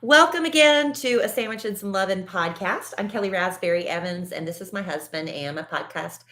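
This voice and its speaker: A woman's voice: medium pitch, fairly quick, fairly bright tone. A woman with a Texan accent hosting a podcast live stream, chatting candidly and sounding worn out. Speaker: podcast host. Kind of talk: casual live-stream chat.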